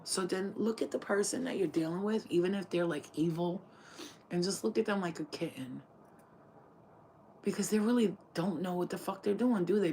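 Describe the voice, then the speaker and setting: A woman channeling spirit messages in a casual livestream talk, animated and profane, dropping to whispers and then shouting. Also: lowish voice, a little hiss or hum. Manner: animated, swings between whispers and loud outbursts, swears freely.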